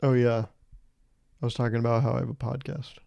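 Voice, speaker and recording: A man's voice: medium pitch, little pitch movement, fairly quick, vocal fry, warm tone, no room sound, muffled recording. A young man in his twenties hosting a solo comedic podcast, rambling sarcastically, swearing freely and acting out little scenes. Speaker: podcast host.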